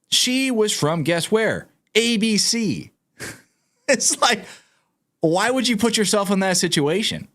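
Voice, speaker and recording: A man with a fairly high, somewhat bright voice hosts a political commentary channel of his own. He sounds incredulous while reading news items aloud, speaking to viewers casually and with emphasis.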